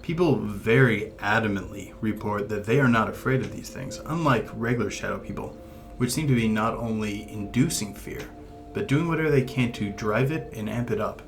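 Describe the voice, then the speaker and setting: Low-voiced man musing on paranormal lore. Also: moderate pace, creaky, music in the background. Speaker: paranormal podcast co-host. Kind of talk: casual discussion.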